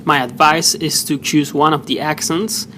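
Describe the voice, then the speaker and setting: A man teaching pronunciation, slowly sounding out example words one at a time. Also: fairly high pitch, fairly even intonation, bright, forceful tone. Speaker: language teacher. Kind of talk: slow pronunciation lesson. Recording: noisy background hiss.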